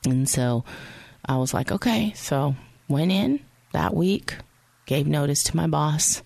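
A woman's voice: deep voice, takes it slowly, vocal fry, darkish tone, dry recording. A woman hosting a radio show, telling a personal faith story in a chatty way and speaking straight to her listeners. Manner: chatty, addresses listeners directly.

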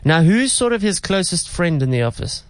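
A man's voice: sits high, big pitch swings, fairly quick. A man hosting a radio prank bit, playfully explaining the setup. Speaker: radio prank caller host. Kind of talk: casual radio banter.

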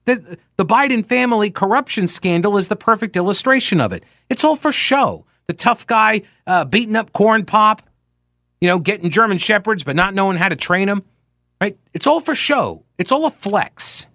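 A talk radio host in full monologue, his voice pitched high for a man and leaping up and down as he talks. He leans into sarcasm, tossing in mocking quotes and quick asides. The sound is dry and close, with no room around it. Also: lively intonation, sharp tone, dry recording.

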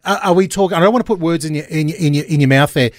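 A man's voice: a little high, rapid-fire, no room sound. A man hosting a casual radio interview in a studio, upbeat, laughing easily and asking long, rambling questions. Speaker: radio host. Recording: dry studio sound.

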